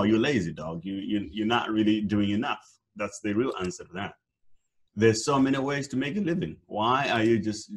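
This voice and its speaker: A man's voice: fairly low pitch, breathy edge. A man in his twenties from Africa, a podcast guest speaking bluntly and emphatically in a casual interview. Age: 20s.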